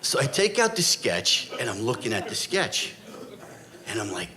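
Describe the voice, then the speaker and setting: A middle-aged man, a former police officer, telling a true story on stage before a live audience in a dramatic, blunt, animated way. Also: mid-range voice, moderate pace, crowd noise.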